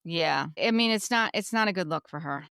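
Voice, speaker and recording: A woman co-hosts a casual podcast, recapping scenes in a chatty, emphatic way. Her voice is smooth and clear at a mid pitch. The sound is close and dry. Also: lively intonation, fairly quick, fairly bright tone, no echo. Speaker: podcast co-host recapping a reality show. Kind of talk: casual chat.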